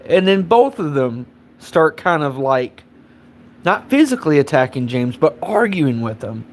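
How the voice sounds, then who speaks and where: A man's voice: a little high, very animated, unhurried. Rambling, profane man telling a story. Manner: rambling and profane, heavy on fillers. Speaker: live streamer. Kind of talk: casual storytelling.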